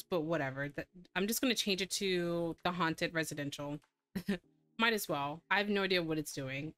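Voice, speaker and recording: A woman chats her way through a life-sim game, laughing easily and bossing her characters around. Her pitch leaps up and down with lively energy. The sound is dry and close, with faint game music underneath. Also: no echo. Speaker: gameplay streamer. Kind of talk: casual let's-play commentary.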